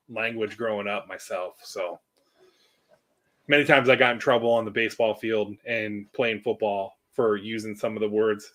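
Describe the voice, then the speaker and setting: A middle-aged man hosting a casual chat, telling animated stories about his kids and acting out the quotes. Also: lowish voice. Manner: animated storyteller, acts out quotes. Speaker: host.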